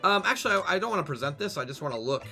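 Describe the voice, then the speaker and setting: A man's voice: fairly high pitch, lively intonation, racing, gravelly, bright, forceful tone, faint music behind. Jokey, cussing male game streamer. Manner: jokey, swears freely. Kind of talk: casual game commentary.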